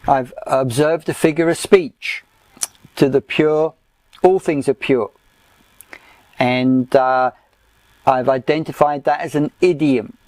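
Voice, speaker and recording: Male Bible teacher, unhurried, halting lecture delivery, dry close recording. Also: mid-range voice, steady tone, a little mellow, dry recording. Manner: slow, measured, with frequent "uh" pauses.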